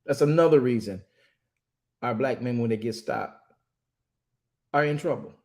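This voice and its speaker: A man who hosts and preaches on a talk show, emphatic and drawing out words to stress them. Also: mid-range voice. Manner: emphatic, drawn-out words for stress, quotes voices. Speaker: host and minister.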